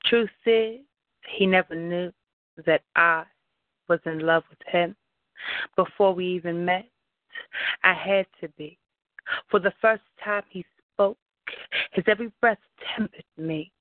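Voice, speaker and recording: A woman recites a spoken-word poem at an unhurried, deliberate pace, each phrase set apart. Her voice comes through thin and tinny, like a phone call. The sound is dry, with no room around it. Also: on the low side, no echo. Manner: slow, measured, heartfelt delivery. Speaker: poet at an open mic. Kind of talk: spoken-word poetry reading. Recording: tinny phone-line audio.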